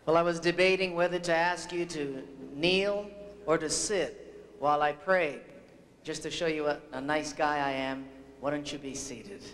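Male pastor, graduation invocation, folksy storyteller, earnest, higher voice, long hall reverb. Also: moderate pace, fairly bright tone, slight background noise. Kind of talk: invocation sermon with a told story. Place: large graduation ceremony venue. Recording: old worn videotape, long hall reverb.

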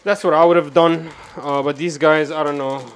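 A man giving casual, rambling commentary to his chat while opening card boxes, swearing and jumping from calm talk to loud rants. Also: on the high side, normal speed. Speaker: card game streamer.

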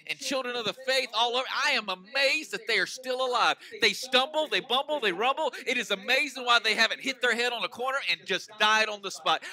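A pastor preaching a sermon, swinging between loud emphatic declarations and hushed asides, and stretching key phrases out slowly. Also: male voice, high voice, low-quality recording.

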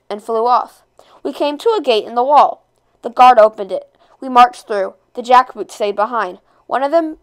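Woman read-aloud narrator, expressive, high-ish and smooth. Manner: expressive, with occasional slips and rereads. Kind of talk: reading a novel aloud.

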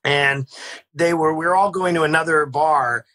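A man on a remote call, telling animated anecdotes in casual storytelling style and acting out the people he quotes. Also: a little high, normal speed. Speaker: podcast guest. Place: home, remote video call.

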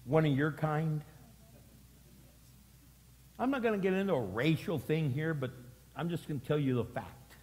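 Dramatic, fairly high-voiced male preacher. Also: darkish tone. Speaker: pastor. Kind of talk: sermon. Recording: long hall reverb.

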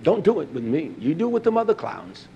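A man preaching a sermon, swinging between loud, rising exhortation and low, quiet storytelling. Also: big pitch swings, fast, dull audio.

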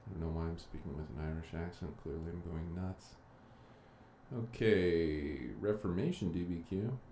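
A male teacher with a very low voice talks his students through a live stream, chatty and unhurried as he thinks aloud. His voice carries the echo of a bare room, with a faint hiss behind it. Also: warm tone. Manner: chatty, thinking aloud while clicking around. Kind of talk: casual live-streamed lecture. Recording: echoey room with faint noise.

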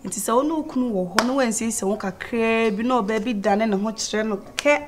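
A woman's voice: fairly high pitch, brisk, noisy background, close to an everyday voice. A woman playing a mother scolding a child, with a Ghanaian accent, in a Ghanaian movie.

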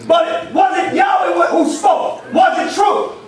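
A man preaching a sermon as bishop, excitable, laughing often and calling on the congregation to follow along. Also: very high-pitched, takes it slowly, a faint crowd. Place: church hall. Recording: very echoey hall, recorded from far off.

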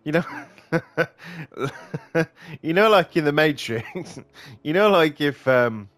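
A man's voice: on the high side, lively intonation, slow, fairly bright tone, dry recording. A man rambling and joking as he commentates a video game, swearing and laughing often. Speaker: gaming channel host. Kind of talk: let's play commentary.

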